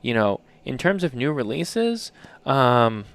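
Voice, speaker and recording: A man's voice: mid-range voice, sing-song, slow pace, fairly bright tone. A man in his thirties co-hosting a podcast, telling stories in a loose, rambling way with lots of fillers. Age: 30s. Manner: rambling storyteller, many fillers. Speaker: podcast co-host. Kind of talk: casual chat.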